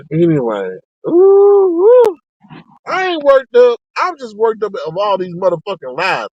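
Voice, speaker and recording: A man giving sassy, animated live-stream commentary to his chat. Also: normal speed, no echo, highs cut off. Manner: sassy and animated, with sharp pitch swings.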